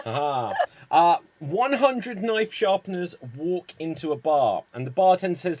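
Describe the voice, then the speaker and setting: A man hosting an online improv comedy show, explaining the games in a brisk, upbeat way. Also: sits high, sing-song, a bit bright, dry recording.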